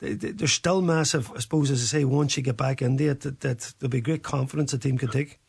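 A man's voice: medium pitch, fast, gravelly, husky. A man hosting a casual radio sports chat, teasing and chatty with frequent restarts. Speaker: radio sports show host.

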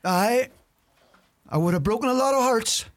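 An actor playing a lazy, sly old Irish uncle who grumbles dry wisecracks, in an Irish accent. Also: male voice, very high-pitched, expressive, normal speed. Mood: wry. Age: older. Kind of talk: comedy sketch acting.

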